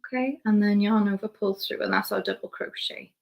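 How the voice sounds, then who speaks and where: Welsh woman teaching crochet, gravelly. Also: medium pitch, fairly quick, highs cut off. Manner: relaxed, chatty, talks while working with hands. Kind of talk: step-by-step craft demonstration.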